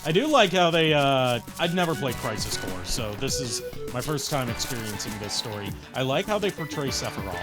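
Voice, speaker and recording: A man's voice: mid-range voice, big pitch swings, a little fast, few pauses. An American man chatting casually while streaming a game, rambling with fillers and casual swearing. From United States. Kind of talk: casual gaming stream chat. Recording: game music behind.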